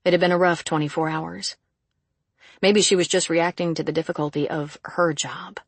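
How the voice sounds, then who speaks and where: An audiobook narrator reading a thriller in a measured, even storytelling manner. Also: medium pitch, no echo. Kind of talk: scripted narration.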